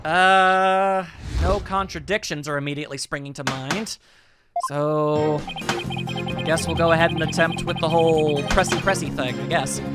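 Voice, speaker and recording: A man's voice: a little high, fairly even intonation, a little slow. A man casually commenting while playing a video game, with wry, hesitant asides and game music behind. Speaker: let's play player.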